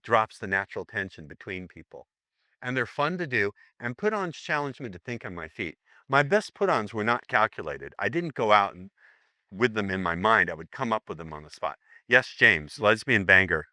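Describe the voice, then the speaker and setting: A man leads a live seminar, rambling and joking as he acts out sample lines. His voice sits a little low but sounds bright and sharp. The recording is dry and close. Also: no room sound. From United States. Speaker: seminar teacher.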